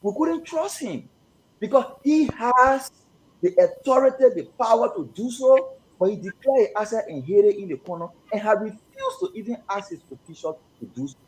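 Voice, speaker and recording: A man speaking as a party representative on a political talk show, explaining his party's decision deliberately. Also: sits high, very animated, a little hiss or hum, poor audio. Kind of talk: political statement on a call.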